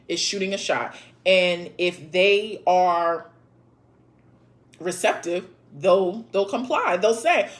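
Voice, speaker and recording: A woman's voice: medium pitch, measured pace, fairly bright tone. A woman in her thirties hosting a casual live chat, reading viewer comments aloud and answering in a blunt, sassy way, with frequent laughs and swearing.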